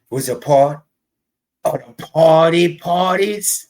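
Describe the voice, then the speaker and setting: A male host giving sarcastic, skeptical commentary in a teasing, drawn-out way. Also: on the high side, big pitch swings.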